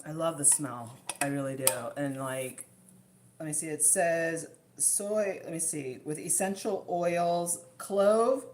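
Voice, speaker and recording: A woman's voice: deep voice, slow pace, darkish tone, slight background noise. Breathless woman chatting on a livestream. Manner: rambling, chatty, reads out viewer comments. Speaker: livestream host. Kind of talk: casual livestream chat.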